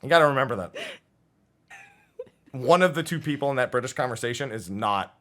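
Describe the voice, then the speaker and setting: A man's voice: mid-range voice, lively intonation, fairly quick, a bit bright. A man with a New Jersey accent, hosting a casual chat show and joking with guests, laughing often. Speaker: podcast host.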